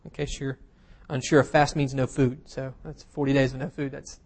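A man's voice: mid-range voice, flat delivery, normal speed, a little mellow, breathy edge. Easygoing preacher man. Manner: casual and self-deprecating, with humorous asides and frequent fillers. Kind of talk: conversational sermon.

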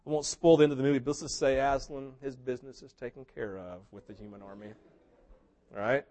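A man preaching a sermon, telling a story with big swings between loud, excited passages and hushed ones, sometimes acting out what characters say. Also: mid-range voice, fast talker. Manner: mimics characters in quoted asides. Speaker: pastor.

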